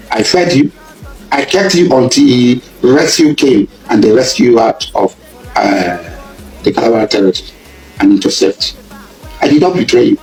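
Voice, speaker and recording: A Nigerian man delivers an impassioned speech, pressing his accusations over and over and climbing into shouts. His voice sits fairly high and rings around an echoey room. Faint music plays underneath. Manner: accusing, repetitive, rising to shouts. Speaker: public speaker addressing a rival.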